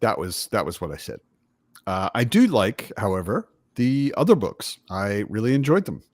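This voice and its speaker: This livestream host talks at normal speed in a lowish voice that swings widely in pitch, rambling through a casual book chat over a video call from his Berlin home. He keeps correcting himself in a chatty way, and the sound is studio quality with no echo.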